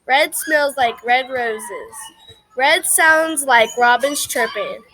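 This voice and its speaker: Slow, high-voiced woman reciting a poem. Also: sharp tone, poor audio. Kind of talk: reciting a sensory color poem.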